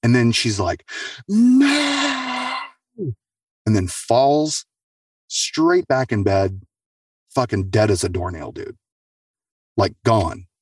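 A man's voice: lowish voice, slow pace, pauses often, no room sound, clean studio sound, distant mic. A man casually telling a true story in loose, profane, filler-heavy speech, often tagging on "right?" and "dude". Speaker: storyteller sharing a true experience.

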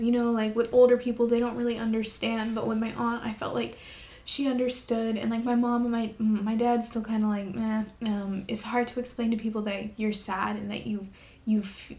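A young woman talking on her own podcast in a personal, confessional way, emotional and halting, with many pauses and fillers. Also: on the high side, darkish tone. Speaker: podcast host. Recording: echoey room.

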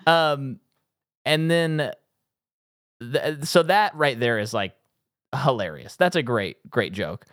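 A man co-hosting a casual movie podcast, telling a long funny story and acting out movie lines in sudden high voices. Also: expressive, takes it slowly, pauses often, a bit bright, no echo, clean studio sound. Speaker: podcast co-host.

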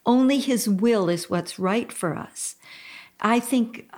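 A woman's voice: on the high side, a little mellow. An older woman hosting a Christian advice talk, speaking in an earnest, heartfelt way. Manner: earnest and heartfelt, slow and deliberate; slow-paced. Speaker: radio show host.

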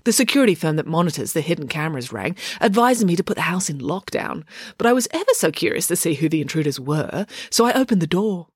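A woman's voice: fairly low pitch, big pitch swings, quick pace, slightly rough, dry recording, clean studio sound. A woman voicing a bubbly, wealthy girl who gushes with delight. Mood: poised. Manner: gushing, delighted. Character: rich, bubbly posh girl.

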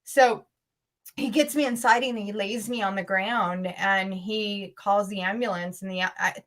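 A woman's voice: mid-range voice, steady tone, unhurried, a bit bright. Female guest, earnest storyteller, urgent delivery with restarts, medium voice. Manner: emotional, intense storytelling. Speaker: interview guest. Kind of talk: personal story in an interview.

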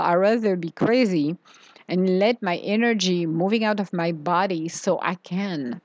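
A woman giving a motivational spiritual talk as a coach, speaking in a slow, soothing way with drawn-out phrases. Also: lowish voice, a little mellow, no echo, dull audio.

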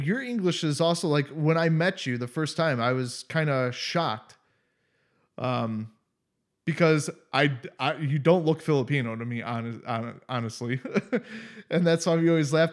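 A man co-hosting a casual video chat, joking and teasing his guests and laughing often. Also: on the high side. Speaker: podcast co-host. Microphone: video call.

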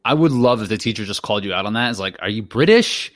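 A man's voice: on the low side, very fast, a bit bright, slight background noise. A man hosting a running podcast, talking in a loose, chatty way and laughing easily. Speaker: podcast host. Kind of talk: casual podcast chat.

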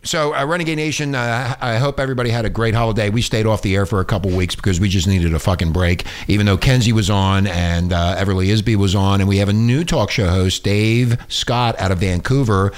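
A man's voice: lowish voice, a little fast, hardly any pauses. A man hosting a crude talk radio show from a studio, teasing his co-hosts and laughing often. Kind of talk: crude casual radio banter.

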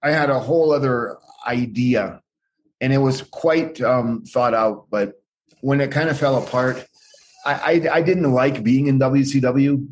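With a medium-pitched voice and measured pace, a middle-aged man who used to wrestle professionally tells rambling, swear-filled stories as an interview guest. He impersonates what other people said along the way.

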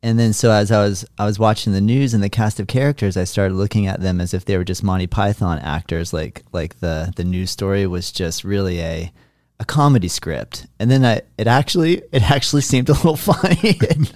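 Very deep-voiced man musing. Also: darkish tone, dry recording, studio quality. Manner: reflective, halting, with restarts and laughs. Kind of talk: casual conversation.

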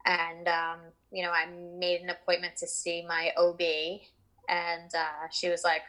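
A woman's voice: lowish voice, level tone, a little slow, sharp tone, poor audio. A woman in her thirties, an interview guest, telling a personal story in a candid, chatty way with lots of fillers.

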